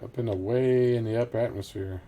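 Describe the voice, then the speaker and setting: A middle-aged man gives casual, rambling commentary while playing a game. His voice is mellow and average in pitch, and his easygoing manner is broken by frequent quiet chuckles. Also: fairly even intonation, a little fast, slight background noise. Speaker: gameplay commentator. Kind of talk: casual let's-play commentary.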